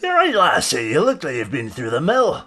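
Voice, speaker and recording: A weary, scolding city guard with a scraggly beard, as a man puts him on in a tabletop game. He talks a little higher than usual and leans on his words. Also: huge pitch swings, moderate pace, sharp tone, soft background music, full character voice.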